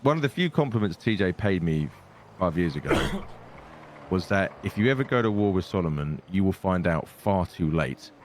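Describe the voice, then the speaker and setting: A man speaks in character in a role-play game as a scheming intelligence operative. His voice sits very low, and his delivery is sly and dry. A faint hiss runs behind him. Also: big pitch swings, normal speed.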